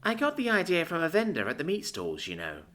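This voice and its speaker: A man's voice: a little high, wildly swooping pitch, fairly bright tone, voice pushed up. A man voicing a timid young female alien with fur and ears, eager and apologetic. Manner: eager, apologetic, quick to fluster.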